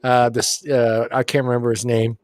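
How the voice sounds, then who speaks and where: A man's voice: medium pitch, flat delivery, moderate pace, no room sound, studio quality. A man co-hosting a casual sports chat show, telling long rambling stories and swearing casually. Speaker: podcast co-host.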